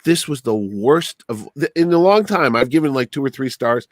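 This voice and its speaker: A man's voice: mid-range voice, expressive, normal speed, no echo, studio quality. A man co-hosting a podcast, bluntly griping in casual chat and swearing freely. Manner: blunt, profane, exasperated. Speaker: podcast co-host.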